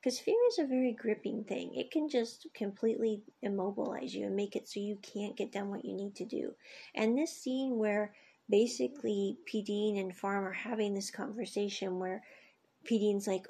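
Gravelly, husky woman recapping a series. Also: medium pitch, steady tone, moderate pace, dark tone. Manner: chatty, retells scenes with quoted lines, frequent fillers. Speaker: series reviewer. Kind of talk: casual recap of a drama series.

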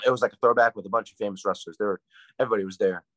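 A young man, a college wrestler, chatting fast and hyped in a casual interview, rambling with lots of fillers. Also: on the low side, fairly bright tone, no room sound, low-quality recording. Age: young adult.

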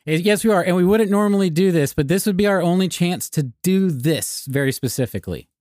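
Male podcast co-host, slightly high voice, playful and self-deprecating, dry sound. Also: animated, fairly quick, darkish tone, no room sound. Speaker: podcast co-host and executive producer. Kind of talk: casual podcast chat.

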